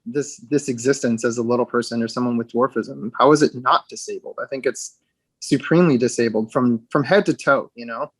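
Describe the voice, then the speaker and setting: A man speaking as an interview guest, reflective and halting, with frequent restarts and fillers. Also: medium pitch, breathy edge, dry recording. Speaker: guest, actor with dwarfism.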